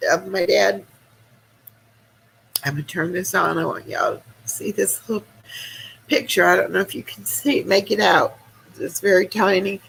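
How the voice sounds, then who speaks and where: A woman hosting a livestream, crying and talking to her viewers in halting, broken phrases. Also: mid-range voice, creaky, slight background noise, rough recording. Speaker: livestream host. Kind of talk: emotional casual chat to viewers.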